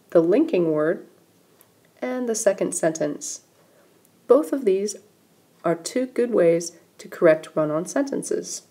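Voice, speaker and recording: Woman teacher, grammar lesson, patient, step-by-step, lowish mellow voice. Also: breathy edge. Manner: patient, step-by-step explaining while pointing at examples. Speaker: English writing teacher.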